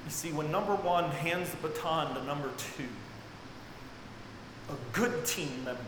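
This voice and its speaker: A man preaching a sermon, swinging dramatically between near-shouts and hushed, low passages. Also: measured pace. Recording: echoey hall with faint noise.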